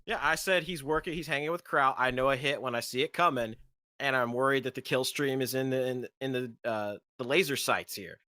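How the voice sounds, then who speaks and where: A man's voice: mid-range voice, fairly quick, sharp tone, no echo. A man hosting a livestream, chatting casually and eagerly backing up his guest. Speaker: stream host.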